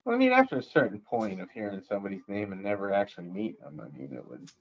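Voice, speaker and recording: Animated man on lo-fi audio. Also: fairly low pitch, fast. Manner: animated, acts out his own reactions. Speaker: podcast co-host. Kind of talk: casual movie chat. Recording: dull lo-fi audio.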